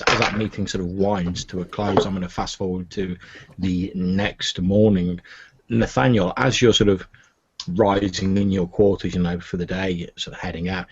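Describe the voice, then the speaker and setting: A man's voice: sits low, slightly rough, no room sound. A man narrating a tabletop game as game master, in loose narration full of "sort of". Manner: loose, filler-heavy narration. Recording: muffled lo-fi recording.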